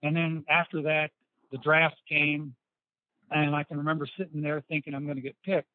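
Over a thin, dry, phone-like line, a man with a fairly high, level voice talks at a moderate pace without any echo. He's an interview guest and ex-football player who tells loose, rambling anecdotes, restarting often and quoting dialogue.

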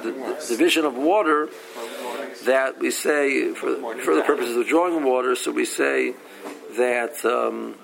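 A man leads a casual Talmud class. His voice has a gravelly edge, and he reads each line before explaining it plainly, often stopping to restart a phrase. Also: mid-range voice, unhurried, fairly bright tone, poor audio. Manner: reads Aramaic text then explains in English, with frequent restarts. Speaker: Talmud teacher.

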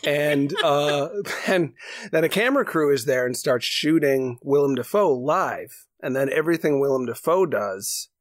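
A man's voice: mid-range voice, no echo. A man co-hosting a podcast, telling an improvised comedy story in a rambling, laughing way. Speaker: podcast co-host.

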